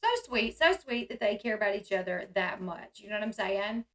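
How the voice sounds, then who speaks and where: A woman's voice: medium pitch, animated, brisk, fairly bright tone. A woman vlogger giving casual, chatty commentary, full of "like" and "um" fillers. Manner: chatty, filler-heavy with frequent "like" and "um". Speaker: vlogger reacting to a reality show.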